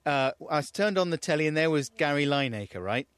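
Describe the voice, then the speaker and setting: Playful English radio co-host, dry studio sound. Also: male voice, fairly high pitch, animated, a little fast, a bit bright, clean tone, no echo. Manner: playful, jokey, breaks into put-on voices. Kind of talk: casual comedic chat.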